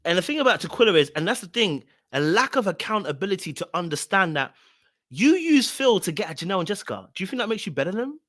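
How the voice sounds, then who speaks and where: A man commenting off the cuff in a fairly high voice, emphatic and blunt, leaning on slang and repetition. His sound is close and completely dry. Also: very animated, fast talker, fairly bright tone, dry recording. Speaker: reaction commentator. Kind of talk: casual reaction commentary.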